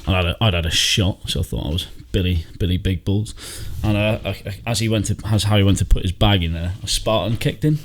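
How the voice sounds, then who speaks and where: A man's voice: sits low, fairly quick, few pauses. A man co-hosting a podcast, teasing his co-host with dry banter. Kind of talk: casual chat.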